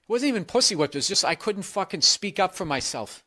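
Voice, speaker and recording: A man's voice: high voice, big pitch swings, fast, sharp tone, no echo. A man hosting a podcast, giving blunt, profane, rambling advice in casual talk.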